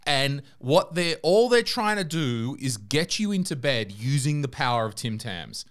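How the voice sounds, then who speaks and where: A man's voice: mid-range voice, very animated, unhurried, fairly bright tone. A young Australian man with an Australian accent, co-hosting a podcast in casual chat, joking and swearing freely. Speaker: podcast co-host.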